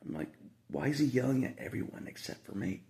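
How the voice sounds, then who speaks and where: Gravelly-voiced man rambling to camera. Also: mid-range voice, sing-song, brisk, darkish tone. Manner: rambling, repeats himself, frequent asides. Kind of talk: casual monologue to camera.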